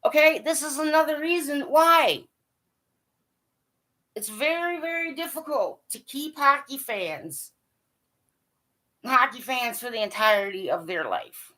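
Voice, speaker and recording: A woman's voice: high voice, expressive, unhurried, pauses often, bright, forceful tone. A woman hockey fan giving a blunt, profane, scolding rant straight to camera. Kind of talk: ranting monologue to camera.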